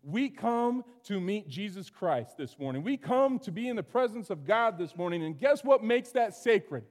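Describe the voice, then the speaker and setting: A man preaching a sermon as pastor, animated, swinging between loud exclamations and hushed asides. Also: high voice, normal speed. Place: church sanctuary. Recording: long hall reverb.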